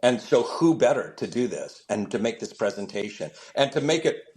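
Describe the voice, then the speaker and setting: A comedian appears as a guest on an interview show, telling lively stories and acting out the voices of the people in them. He speaks at a moderate pace in a medium-pitched voice.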